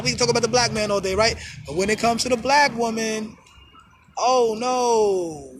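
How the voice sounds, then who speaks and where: A man talking in a casual monologue, animated, full of street slang, often acting out other people's voices. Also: extremely high pitch, fairly quick, noisy background. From New York. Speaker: host. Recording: music in background.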